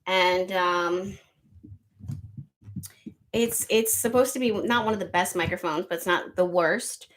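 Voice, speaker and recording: A woman hosting a casual live chat with viewers, talking loudly and projecting, laughing often and chatty. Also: lowish voice, unhurried, pauses often, a little hiss or hum. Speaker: tarot reader and live stream host. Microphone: desk microphone.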